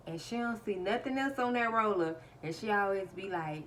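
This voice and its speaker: A woman's voice: mid-range voice, normal speed, distant mic, a little hiss or hum, low-quality recording. A woman casually telling her viewers a story, laughing often as she retells it. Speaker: vlogger.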